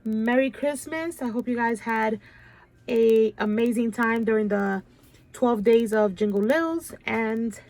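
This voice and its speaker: A woman's voice: fairly high pitch, little pitch movement, measured pace, darkish tone. Stuffy-nosed gushing craft vlogger woman. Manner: gushing, chatty, keeps saying "you guys". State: stuffy nose. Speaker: craft channel host. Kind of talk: casual show-and-tell chat.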